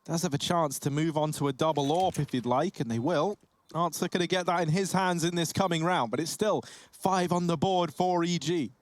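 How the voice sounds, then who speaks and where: A man casting a live esports match with excitable, chatty commentary. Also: a little high, moderate pace, no echo. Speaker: esports caster.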